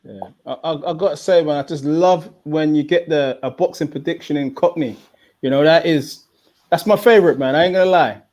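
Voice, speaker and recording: Young man, host, lively banter, fairly high voice, casual live chat. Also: moderate pace, dull audio. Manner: hyped, banter-filled.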